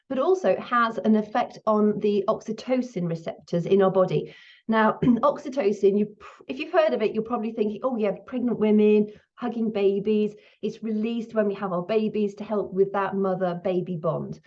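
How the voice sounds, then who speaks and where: A middle-aged woman hosting her own menopause video, talking candidly to camera while still shaken, her breathing high. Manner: chatty, candid, laughs now and then. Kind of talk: casual talk to camera. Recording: slightly dull lo-fi sound.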